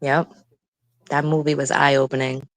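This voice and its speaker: Low-voiced blunt woman on a livestream. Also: little pitch movement, measured pace, dry recording, poor audio. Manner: blunt, indignant. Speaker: livestream co-host. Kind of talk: casual gossip chat.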